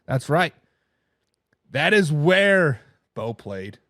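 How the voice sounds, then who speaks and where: A man hosting a live sports talk show, reading fan comments and ranting in a casual, animated way. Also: on the high side, drawn-out words, no echo, studio quality.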